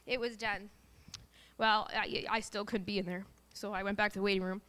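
A woman's voice: fairly high pitch, flat delivery, fairly quick, bright, forceful tone, smooth. A woman in her thirties, a mother telling her family's story as a personal faith testimony, in an earnest and emotional way.

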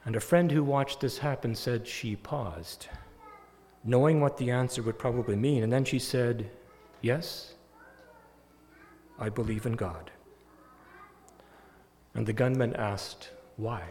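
A man's voice: medium pitch, takes it slowly, long pauses, slight background noise. A man preaching a sermon, telling a story with rising, emphatic peaks. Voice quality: animated, building to loud emphatic peaks. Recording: long hall reverb.

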